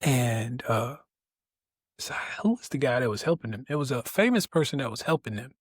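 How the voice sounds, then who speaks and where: Brief: male podcast guest, animated and laughing storyteller, dry close sound. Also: moderate pace, husky, dry recording. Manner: animated storyteller who laughs often and jumps to high pitch. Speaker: podcast guest, resilience speaker. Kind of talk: casual interview chat.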